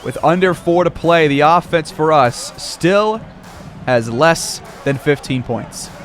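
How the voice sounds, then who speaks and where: A man's voice: on the high side, slow pace, soft background music. A man calling a simulated basketball game play-by-play like a sportscaster, with casual asides. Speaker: gaming video creator.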